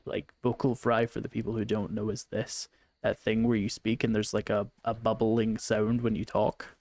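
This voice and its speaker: A Scottish man with slight vocal fry, chatting casually and wryly while streaming a game. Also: on the low side, monotone, moderate pace, darkish tone, no room sound. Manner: chatty, wry, reading chat aloud. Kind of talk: casual gameplay chat.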